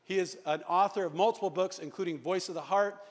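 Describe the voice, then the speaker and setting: A man with a rather high voice introduces a guest speaker from the church platform, upbeat and pushing the crowd to respond. The long church reverb hangs after each line. He reads a prepared introduction with energy. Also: fast talker. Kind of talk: enthusiastic introduction. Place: church sanctuary.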